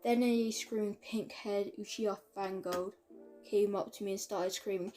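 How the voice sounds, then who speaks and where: A woman's voice: mid-range voice, steady tone, normal speed, warm tone, soft background music. A woman reading a fan-made story aloud in a casual way, stumbling over words and correcting herself. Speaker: reader of fan fiction.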